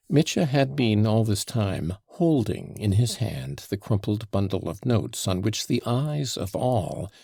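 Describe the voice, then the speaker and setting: A man narrating a classic novel as an audiobook in an expressive, dramatic reading. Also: fairly low pitch, vocal fry, slightly rough, no echo, clean studio sound.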